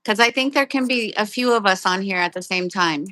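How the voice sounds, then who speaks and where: A woman's voice: medium pitch, fairly quick, pushed and bright. A woman hosting a live video-call chat, talking in a chatty, encouraging way and laughing easily. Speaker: host. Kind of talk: casual chat.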